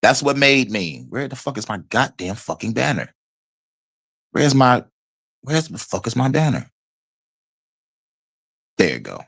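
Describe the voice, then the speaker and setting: A man's voice: medium pitch, very animated, a little slow, vocal fry, pauses often, a bit bright, slightly rough. A man hosting a stream, reacting to a video with heated, profane, rambling commentary.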